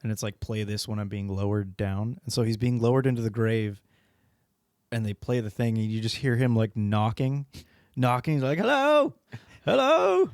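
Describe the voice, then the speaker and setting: A man's voice: fairly low pitch, steady tone, normal speed, darkish tone, clean tone, no echo, clean studio sound. A man co-hosting a podcast, casual rambling chat, laughing often and swearing freely. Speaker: podcast co-host.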